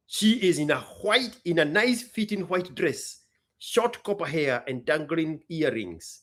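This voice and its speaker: A man hosts a casual talk show, speaking in a fairly high voice. He talks in an animated way and often reads passages aloud with relish. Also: unhurried. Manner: animated, reads lyrics aloud, mixes in Swahili slang. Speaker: host. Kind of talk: casual commentary.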